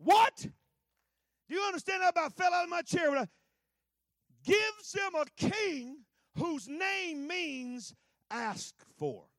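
A man preaching with a very high, strained voice that keeps surging into shouts, then dropping to quiet, folksy asides. The sound is close and dry, with no room around it. The delivery is fervent and colloquial throughout. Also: sing-song, slow pace, no echo. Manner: fervent, emphatic, swings between shouting and hushed asides. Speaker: pastor. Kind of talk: sermon.

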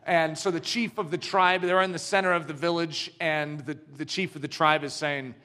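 A man's voice: a little high, steady tone, normal speed, hardly any pauses, bright, forceful tone. A man preaching a sermon, telling a story dramatically and asking his audience questions. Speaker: pastor.

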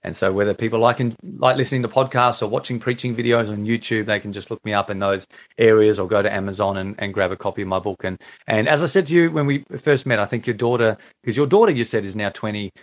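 A middle-aged Australian man with a fairly low voice, chatting as a guest on a podcast. He talks with easygoing warmth and jokes freely, laughing through his teasing asides. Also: fast talker, hardly any pauses. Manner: playful, laughs while joking. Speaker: guest author and Bible teacher. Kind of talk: casual podcast interview.

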